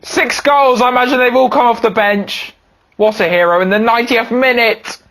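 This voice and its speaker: Excitable man commentating a football game. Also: normal speed. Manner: swings from low muttering to high shouting. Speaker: gaming video host.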